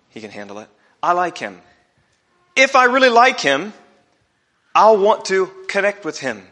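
A man preaching a sermon in church, talking in a conversational way, slowing down to stress scripture and asking the congregation questions. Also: a little high, bright, forceful tone.

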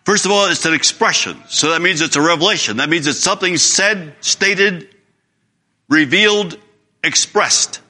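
A man's voice: high-pitched, normal speed, bright, forceful tone. A man preaching a sermon in an earnest, emphatic way, reading scripture aloud.

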